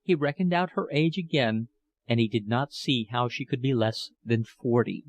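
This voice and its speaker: A man narrates a classic novel as an audiobook, reading in a measured, expressive way. His pitch is medium, and there's no room sound.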